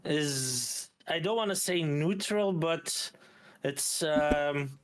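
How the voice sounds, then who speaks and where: A man with a Flemish Belgian accent chats loosely on a live stream. His voice sits a little on the high side, and he rambles along with plenty of hesitations. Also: extremely slow. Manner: chatty, rambling with many hesitations. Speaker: streamer host. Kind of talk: casual stream chat.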